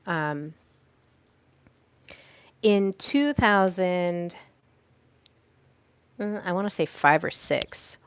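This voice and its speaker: A woman podcast host gives a casual teaching talk on teamwork to a live audience, chatting freely with restarts and examples. She is on a call from her home beside a fireplace. Her voice is lowish and smooth, with no echo.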